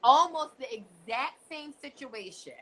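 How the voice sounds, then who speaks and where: A woman's voice: high-pitched, a little slow, rough recording. A young adult woman co-hosting a casual recap show, talking emphatically and acting out what people said. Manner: animated, emphatic, often acts out quotes. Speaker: co-host.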